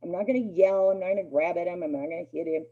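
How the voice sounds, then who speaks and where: Woman, middle-aged, dog obedience instructor, husky voice, casual lecture with fillers, dull lo-fi recording. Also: fairly low pitch, fast talker. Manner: conversational, many fillers and restarts.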